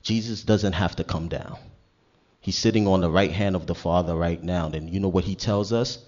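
A man preaching a sermon, talking casually with his listeners and rising to loud, emphatic readings of scripture. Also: low-pitched, normal speed, lo-fi sound.

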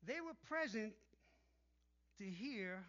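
A man's voice: high-pitched, animated, slow, pushed and bright, lo-fi sound. A male pastor preaching a sermon emphatically, calling out for amens from the congregation. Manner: emphatic preaching with call-and-response.

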